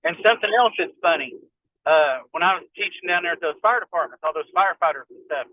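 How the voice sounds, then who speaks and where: A man with a Kentucky accent chatting folksily as a guest while driving on a rough road. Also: on the high side, lively intonation, fast talker, no room sound. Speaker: guest, fire department instructor. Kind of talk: casual chat. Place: inside a car on a rough road. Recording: tinny phone-like line from a moving car.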